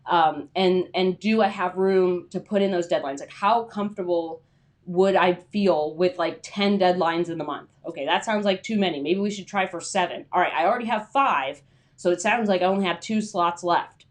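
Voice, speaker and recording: Woman freelance writer, casual livestream advice, lowish voice, rambling, lots of fillers. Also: normal speed. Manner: chatty, rambling, many "like" fillers.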